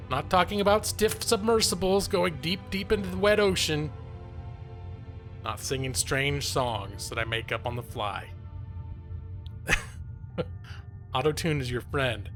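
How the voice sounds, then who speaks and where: A man's voice: fairly high pitch, a little slow, long pauses, fairly bright tone, soft background music. A man streaming a video game live, chatting casually in a jokey, self-mocking way and laughing often. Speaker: gaming streamer and lawyer.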